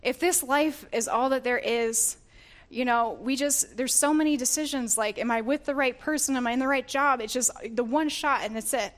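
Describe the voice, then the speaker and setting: A woman's voice: high-pitched, moderate pace. A woman giving a sermon, reading scripture aloud and explaining it earnestly, often laughing and correcting herself mid-word. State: getting emotional. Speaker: preacher.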